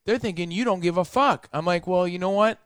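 A man's voice: high voice, fairly quick, fairly bright tone, clear, resonant tone, dry recording, clean studio sound. A man telling a story in casual, profane banter, mimicking the people in it.

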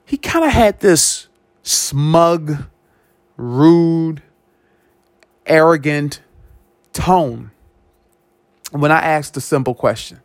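Animated man telling a story, dry sound. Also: a little high, extremely slow, pauses often, no room sound. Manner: animated, repeats words, acts out quoted speech. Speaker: podcast host. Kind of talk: personal storytelling monologue.

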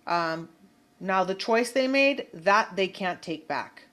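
A woman's voice: medium pitch, lively intonation, slow, fairly bright tone. A woman hosting an online talk show, speaking earnestly about faith in casual chat.

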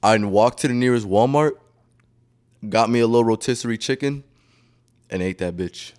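Animated young man telling a story. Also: mid-range voice, normal speed. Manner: animated storytelling, heavy cursing and filler. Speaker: podcast host. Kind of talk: casual chat.

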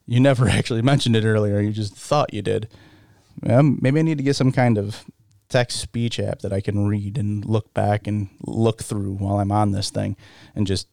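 A man's voice: fairly low pitch, fairly even intonation, moderate pace, creaky, dark tone, no room sound, studio quality. Rambling self-mocking male podcaster. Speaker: podcast host. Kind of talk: casual solo podcast chat.

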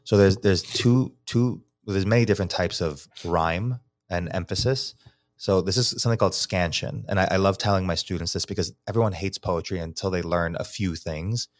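A man's voice: low-pitched, moderate pace, no echo. A man from New York, a teacher and psychology researcher, explaining poetry as a guest in a casual podcast interview, thinking aloud with many restarts.

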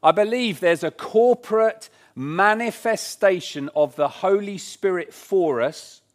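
Guy preaching in church, earnest, keeps repeating his points, a bit high-pitched. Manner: earnest, emphatic, repeats key lines. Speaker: pastor. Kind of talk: sermon.

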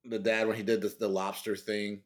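A man's voice: fairly low pitch, level tone, fairly quick. A man chatting casually about old movies on a podcast, rambling and laughing as he goes. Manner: rambling, laughs often, trails off. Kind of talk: casual chat.

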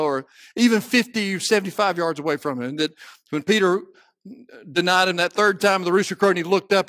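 A man's voice: sits high, no echo, clean studio sound. Southern man preaching with dramatic swings. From Southern United States. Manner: dramatic, swings from quiet storytelling to shouting. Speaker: pastor. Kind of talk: sermon.

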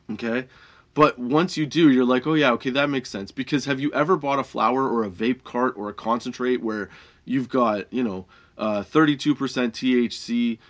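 A man who works in a dispensary tells a rambling, profane story in a casual vlog and laughs often as he talks. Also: mid-range voice. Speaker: dispensary budtender and product reviewer.

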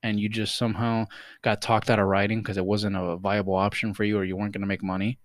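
A young man co-hosting a podcast, chatting casually, swearing a lot, and putting on quick voices when he tells a story. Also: on the low side, dry recording, studio quality. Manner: animated, swearing, puts on voices for the cat. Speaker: podcast co-host. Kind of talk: casual chat.

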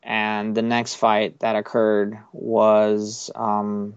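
A man's voice: fairly low pitch, monotone, very slow, smooth, dry recording, dull audio. A young man hosting a podcast, recapping an anime episode in a loose, rambling way with casual swearing. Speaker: podcast host.

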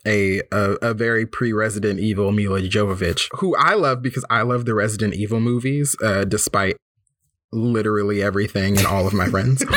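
Podcast host, male, bright and forceful tone, dry close sound, rambling casual delivery. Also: fairly low pitch, dry recording. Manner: rambling, profane, hesitant restarts. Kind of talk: casual movie review chat.

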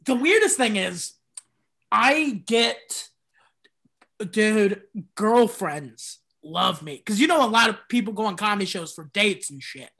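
A stand-up comedian chatting casually on a podcast, telling slangy, laid-back stories and acting out little bits. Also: male voice, high voice, lively intonation, measured pace, creaky, bright, forceful tone.

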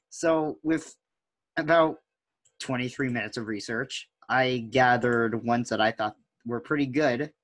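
A man co-hosting a casual podcast over a computer mic. He rambles and jokes, leaning on fillers, at a middling pitch. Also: fairly bright tone. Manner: joking, rambling with many fillers. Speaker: podcast co-host. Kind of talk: casual chat.

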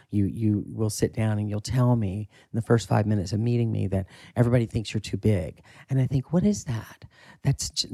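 A man with a gravelly, husky voice and a dark, mellow tone speaks as an acting coach in a relaxed interview. He is candid and emphatic, now and then swearing for emphasis. The sound is dry and close. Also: medium pitch, no room sound. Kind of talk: casual interview talk.

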